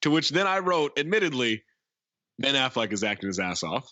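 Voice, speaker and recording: A man's voice: mid-range voice, big pitch swings, brisk, bright, forceful tone, no room sound, highs cut off. A man co-hosting a movie podcast, recapping the plot with wry jokes. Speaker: podcast co-host. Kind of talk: casual movie review chat, recapping the plot.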